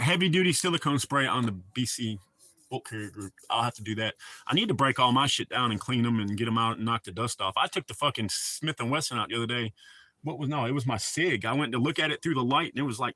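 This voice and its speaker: A man's voice: mid-range voice, quick pace, bright, forceful tone, dry recording. A man with a Southern US accent, talking in a loose, casual chat with frequent swearing and laughs, a dip in his mouth. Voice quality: drawl, mouth full of dip. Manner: laid-back, swearing, laughs often. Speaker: streamer.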